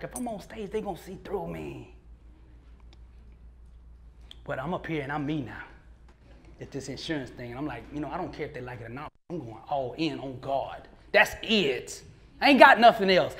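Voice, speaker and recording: Speaking at a brisk clip in a fairly high voice, this motivational speaker narrates a story live with lively slang. He laughs frequently and acts out other people's lines.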